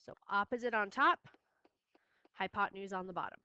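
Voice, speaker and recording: Woman math teacher, bright clear voice, dry close sound, firm and repetitive. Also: mid-range voice, a little fast, no room sound, dull audio. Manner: firm, repeats key steps. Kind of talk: classroom lesson recording.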